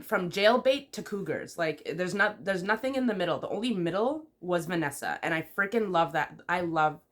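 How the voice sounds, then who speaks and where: A woman vlogger in casual chat, giving chatty, opinionated ratings with lots of fillers and sudden high exclamations. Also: a bit bright. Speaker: YouTuber.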